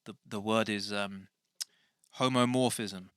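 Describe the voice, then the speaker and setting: A man's voice: lowish voice, fairly even intonation, measured pace, a bit bright, clean tone, no room sound, studio quality. A man hosting his podcast in casual, rambling chat with many restarts. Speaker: podcast host.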